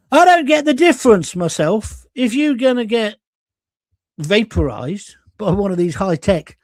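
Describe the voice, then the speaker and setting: Older bloke doing a live rant show, sarcastic and blunt, highish voice, dry close sound. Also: male voice, darkish tone, no echo. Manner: blunt, sarcastic, mocking voices in mini-skits. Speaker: host of a live online talk show reading viewer comments. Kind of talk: ranting live-stream commentary.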